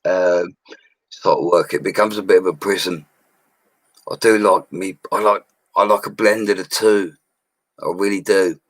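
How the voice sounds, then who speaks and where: A drunk, deep-voiced bricklayer streams alone from a small room at home to viewers, chatting casually into his laptop microphone. He's loud, laddish and rambling, slurring and laughing often, with a steady tone, moderate pace and long pauses. The recording is dry.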